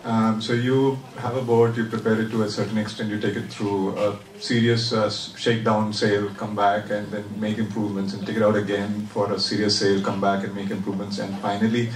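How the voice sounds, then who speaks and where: Sailor, chatty and self-deprecating, recorded far away in a reverberant space. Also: male voice, lowish voice, little pitch movement, brisk, few pauses. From India. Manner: chatty and self-deprecating, laughs often, many "uh" fillers. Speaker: solo sailor interviewee. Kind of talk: casual interview answers. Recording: roomy and distant.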